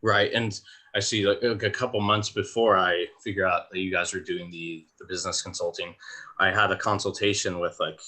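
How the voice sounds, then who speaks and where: Young guy, very low voice, bright edge, keeps restarting his sentences, casual roundtable talk. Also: little pitch movement. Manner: hesitant, halting with many restarts. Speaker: supplement company founder.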